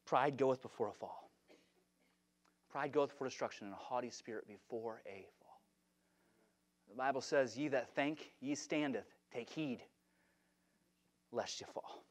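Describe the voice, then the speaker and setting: A middle-aged man preaching an impassioned revival sermon in a church, swinging from shouts down to hushed, repeated phrases. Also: mid-range voice, a little slow, pauses often. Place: church sanctuary.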